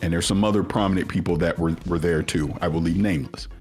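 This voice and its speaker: A man telling a long personal story in casual chat, animated, acting out what others said. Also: fast, soft background music. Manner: animated storyteller, acts out quoted voices at much higher pitch. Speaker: podcast guest.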